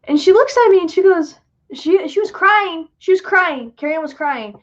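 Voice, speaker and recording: A young woman, a filmmaker, hosts a casual livestream Q&A in a very high-pitched, animated voice at normal speed. She's chatty and self-deprecating, full of fillers and laughter, and the sound is dull and lo-fi.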